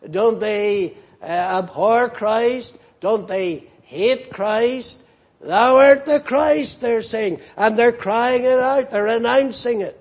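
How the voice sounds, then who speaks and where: A man's voice: high voice, darkish tone. A man preaching a sermon, emphatic and repeating key phrases for weight.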